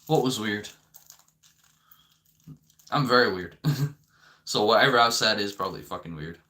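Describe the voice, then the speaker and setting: A young man rants straight to camera, swearing constantly and drifting from point to point. His voice has a bright, forceful edge. He keeps checking in with "you know" and "right". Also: lowish voice, expressive, a little slow. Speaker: vlogger. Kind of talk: unscripted rant.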